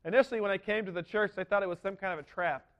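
A man's voice: sits high, steady tone, rapid-fire, highs cut off. A man giving an earnest, emphatic sermon as a first-person dramatic monologue. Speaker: preacher.

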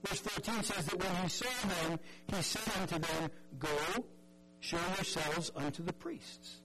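Male preacher, earnest and chatty, higher voice, radio broadcast with loud music underneath. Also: fairly even intonation, measured pace, low-quality recording. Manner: earnest, conversational, repeats words, acts out voices. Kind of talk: sermon.

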